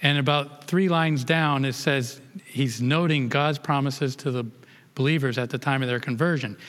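A man's voice: fairly high pitch, fairly bright tone, in a large hall. A man leading a Bible study lesson, reading verses aloud and explaining them to a group, often rereading and restarting phrases.

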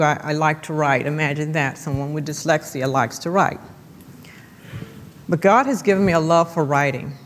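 A woman giving an emphatic church testimony, repeating phrases and slowing down for effect. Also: low-pitched. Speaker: guest speaker giving testimony. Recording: long church-hall reverb.

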